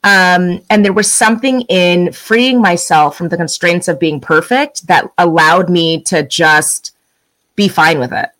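Middle aged woman guest, casual chat, animated storytelling, does little voices for quotes. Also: on the low side, unhurried, low-quality recording.

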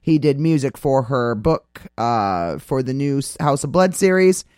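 A man's voice: mid-range voice, animated, a little slow, a little mellow, no room sound, clean studio sound. A man hosting a casual talk radio show, rambling with many fillers as he reads out upcoming gig listings.

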